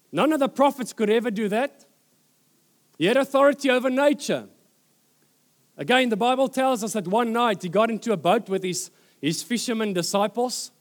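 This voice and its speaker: A man preaching a sermon, retelling scripture with dramatic pauses and repeated phrases. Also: sits high.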